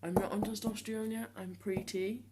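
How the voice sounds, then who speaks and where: A seventeen-year-old young man vlogs casually to the camera, stumbling through ums and restarts in a voice he has purposely trained lower. There's little pitch movement, and the recording is very noisy.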